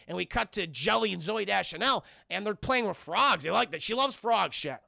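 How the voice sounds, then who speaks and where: A man streaming a casual, profane scene-by-scene film recap, animated and talking to his live chat. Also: sits high, normal speed, gravelly, no echo, clean studio sound.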